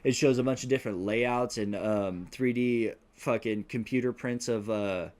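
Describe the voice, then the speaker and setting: A man's voice: mid-range voice, normal speed, a little mellow. A man on a podcast casually retelling a movie plot, rambling, swearing constantly and filling gaps with "uh" and "like". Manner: profanity-laced, rambling, many fillers. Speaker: podcast co-host.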